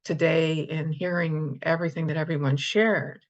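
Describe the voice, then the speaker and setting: A woman sharing in a group circle, grateful and halting, with many fillers. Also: deep voice, steady tone, muffled recording. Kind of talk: personal share in a group circle.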